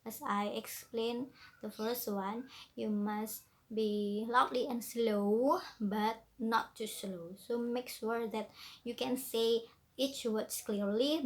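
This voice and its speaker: A woman with an Indonesian accent giving an explanatory lesson as a presenter, slow and deliberate with frequent fillers. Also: fairly high pitch.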